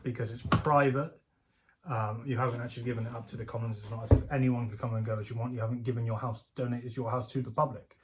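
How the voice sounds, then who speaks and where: A man's voice: medium pitch, breathy edge. A man giving casual, jokey commentary from home as a YouTuber, rambling and laughing often. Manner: chatty, jokey, self-deprecating, laughs often. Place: home room.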